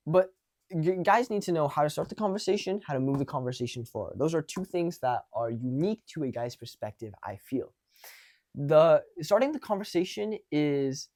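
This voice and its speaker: A young man coaching guys on dating in a loose, animated monologue. His voice sits a bit high and sounds close and dry, with no room around it. He swears casually and speaks frankly. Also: no echo. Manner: animated, acts out quoted exchanges, swears casually.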